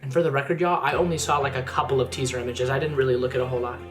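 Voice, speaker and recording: A man reacting casually to a music video, chatty and gushing with lots of fillers, sometimes jumping higher when excited. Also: rapid-fire. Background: music playing faintly.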